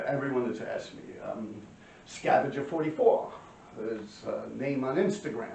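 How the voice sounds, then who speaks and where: A middle-aged man tells a street story in a casual, profane, animated way, often clearing his throat. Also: mid-range voice, unhurried, slight background noise. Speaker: graffiti writer telling a story. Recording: roomy, distant, dull lo-fi mic.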